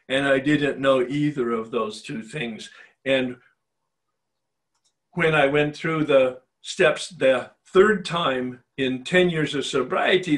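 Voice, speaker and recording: An older man speaks at a spiritual recovery retreat, his pitch sitting in an ordinary middle range. He tells his own story in a frank, confessional way. He presses his listeners with emphatic rhetorical questions. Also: fairly bright tone. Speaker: retreat facilitator.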